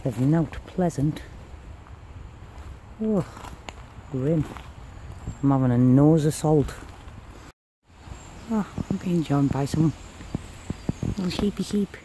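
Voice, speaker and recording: Casual male vlogger mutters slow commentary while searching the river bank, camera mic, clear outdoor noise behind. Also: a little high, warm tone, poor audio. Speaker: mudlarker. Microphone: handheld camera mic.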